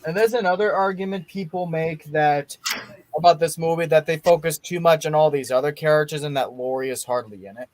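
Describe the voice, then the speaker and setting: A man's voice: fairly high pitch, brisk. A young man hosting a casual movie watch-along, rambling enthusiastically with frequent restarts. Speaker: podcast host.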